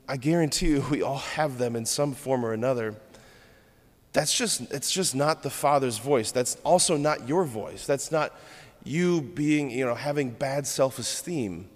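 A man preaching a sermon, earnest and steady, building his points through rhythmic lists. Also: medium pitch. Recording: long hall reverb.

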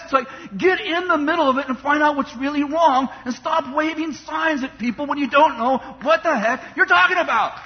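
Male pastor, very high voice, fiery sermon, reverberant hall. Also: moderate pace, few pauses. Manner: impassioned preaching, mocking voices for complainers. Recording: dull sound in a long-reverb hall.

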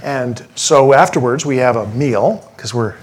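A pastor telling a personal story in a sermon, animated and self-deprecating, with some humor. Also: male voice, mid-range voice, a little slow, breathy edge.

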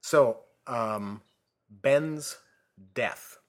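A man in casual conversation, giving measured, slightly picky opinions about movies. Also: medium pitch. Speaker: co-host of a movie discussion. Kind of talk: casual chat.

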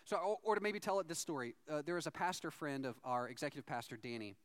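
A male pastor with a fairly high voice, preaching in a loose, conversational way. He tells stories with animated energy, slipping easily between teaching points and anecdotes. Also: fast. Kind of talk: sermon.

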